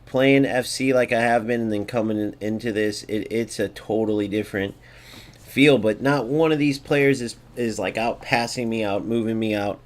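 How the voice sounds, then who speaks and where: A man's voice: on the low side, normal speed. A man hosting a gaming video, giving casual gameplay commentary in a blunt, sarcastic way and talking straight to his viewers.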